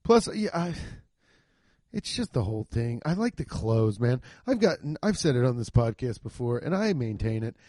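A man's mid-range voice at normal speed comes through a dry, clean studio recording. As a podcast host, he tells comic stories profanely and animatedly, performing quotes in silly voices.

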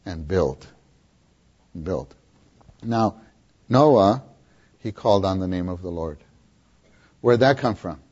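A man preaching a sermon, often questioning his listeners and repeating words for emphasis, with a husky voice, on a dull lo-fi recording. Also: on the low side, measured pace, pauses often, darkish tone. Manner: questions the audience, emphatic repetition.

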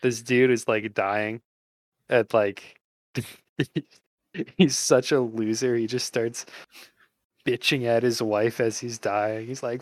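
A man co-hosting a casual book discussion podcast, excitable and amused, swearing casually. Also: mid-range voice, a little slow, no echo. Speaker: podcast co-host.

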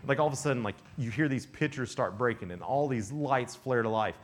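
A man in his thirties, a youth pastor telling a lively camp sermon story full of acted-out voices. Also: medium pitch, quick pace, hardly any pauses. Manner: animated, acts out characters, many "like"s.

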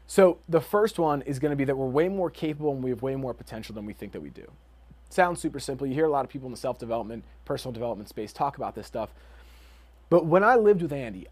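Energetic young man giving motivational talk. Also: medium pitch. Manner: energetic, fast bursts, lots of fillers. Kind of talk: casual motivational monologue.

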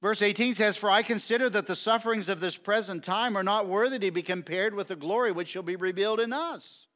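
A middle-aged man preaching a sermon, emphatic and repetitive, stretching key words slowly. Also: high-pitched, pushed and bright. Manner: emphatic, repetitive preaching with slow drawn-out stresses. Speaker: pastor.

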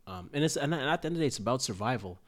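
A young man in casual conversation, telling a story with animated delivery, laughing often and acting out the lines he quotes. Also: mid-range voice, rapid-fire. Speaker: former player, interviewer.

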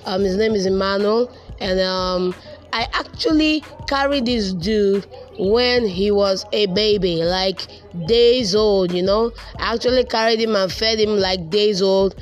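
A young man with a Nigerian accent telling a casual personal story, animated and repeating words for emphasis. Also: high voice, measured pace, faint music behind.

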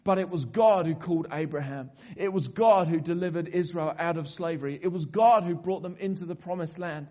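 Animated high-voiced preacher man. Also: fairly quick, few pauses, highs cut off. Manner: animated, conversational preaching with frequent asides and repetitions. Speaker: pastor. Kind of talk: sermon.

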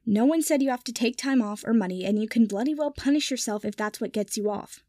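A woman's voice: on the high side, quick pace, warm tone, no room sound, studio quality, lightly acted. A woman voicing a sour, curt young nobleman who speaks in clipped lines.

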